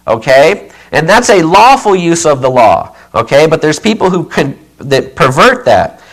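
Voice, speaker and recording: A man's voice: a little high, very animated, a little slow, low-quality recording. A man preaching a Bible teaching sermon, emphatic and repetitive, often checking in with "okay". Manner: emphatic, repeats key phrases, checks in with okay; says he keeps yelling.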